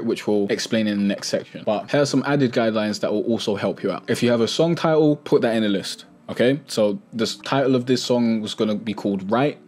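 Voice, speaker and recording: Young guy hosting a music tutorial, chatty and relaxed, talks it through casually. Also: on the low side. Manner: relaxed, chatty, self-correcting, plugs own products.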